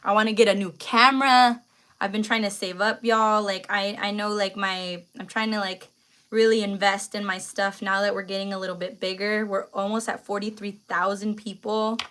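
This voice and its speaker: Chatty young woman, bright voice. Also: medium pitch, little pitch movement, normal speed. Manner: emotional, close to tears; chatty, full of fillers and slang. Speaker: livestream host. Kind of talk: casual live stream chat.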